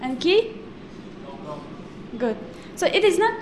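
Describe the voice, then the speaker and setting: A woman with a high, light voice leads a live class, patiently correcting students and drawing out each syllable with care. Steady noise hangs under her voice throughout the recording. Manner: patient, corrective, repeats words slowly and precisely. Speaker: Sanskrit pronunciation teacher.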